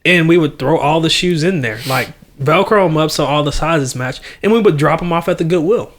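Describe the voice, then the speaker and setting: Podcast guest: young man, high-pitched, animated, laughs a lot, salty slang. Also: a little fast. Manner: animated storyteller, laughs often, slangy and profane. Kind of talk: casual chat.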